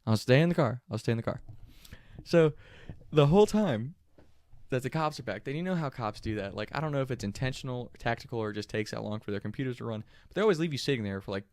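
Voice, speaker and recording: Gravelly young man telling a wild story. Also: mid-range voice, fast talker, no room sound. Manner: animated, profane, laughing often. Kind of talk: casual comedic storytelling.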